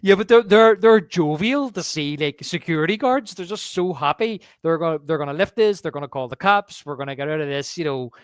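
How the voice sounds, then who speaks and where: On the high side, with lively intonation and a smooth quality, this co-host's voice comes through clean and echo-free from the studio. His laid-back movie review chat is halting, broken by restarts as he retells scenes and performs lines from the films.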